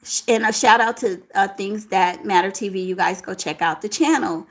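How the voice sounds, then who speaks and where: A woman's voice: medium pitch, moderate pace. Tired chatty woman livestreaming late. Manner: sleepy, chatty, slangy. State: tired, voice crackling. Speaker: livestream host. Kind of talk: late-night livestream chat, reading viewer comments. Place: home alone.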